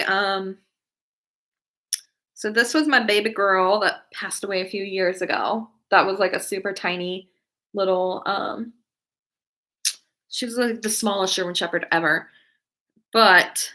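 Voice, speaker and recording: With a medium-pitched voice that comes across pushed and bright, a young woman runs a casual live stream. She rambles, fills her speech with "like" and "um," and reacts as viewer comments come in.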